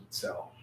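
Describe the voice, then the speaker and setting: A man's voice: fairly bright tone, roomy sound, a little hiss or hum, rough recording. A man chatting casually as a podcast co-host, rambling through stories and laughing at his own jokes. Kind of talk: casual chat.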